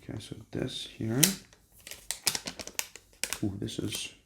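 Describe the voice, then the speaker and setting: A young man filming a casual unboxing, excitable and swearing often, jumping between hushed whispers and squeals. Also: lowish voice, slow, creaky, heavy background noise. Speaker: vlogger.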